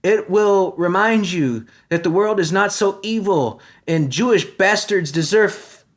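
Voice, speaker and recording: A man hosting a comedy podcast, ranting in a profane, agitated way and swinging between shouting and muttering. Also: high-pitched, measured pace. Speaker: podcast host.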